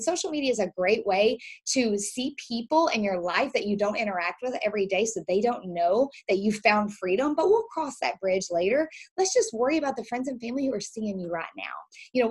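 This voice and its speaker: A woman's voice: medium pitch, lively intonation, brisk, breathy edge. A woman health coach giving an upbeat training talk to fellow coaches, acting out the lines of the people she quotes.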